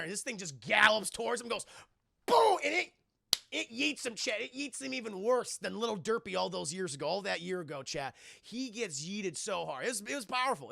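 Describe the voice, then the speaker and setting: Gravelly excitable man streamer. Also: high voice, no echo, clean studio sound. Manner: excitable, profane, acting out scenes with sound effects. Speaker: streamer reviewing a film. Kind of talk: live-stream spoiler recap talking to chat.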